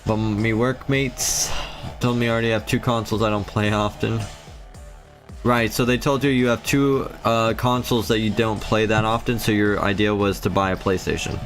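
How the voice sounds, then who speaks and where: Chatty man, lowish voice. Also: fairly even intonation, moderate pace, soft background music. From Philippines. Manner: chatty, reads and answers chat. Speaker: streamer. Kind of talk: casual live-stream chat.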